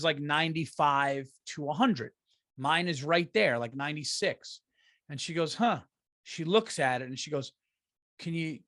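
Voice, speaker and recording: A man hosting a comedy podcast, telling a story in an exasperated, profane and animated way and acting out what people said. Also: fairly high pitch, no echo, studio quality. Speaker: podcast host.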